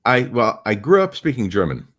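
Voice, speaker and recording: A middle-aged stage illusionist, interviewed on a podcast, tells animated anecdotes at normal speed in a medium-pitched voice. He acts out the people he quotes.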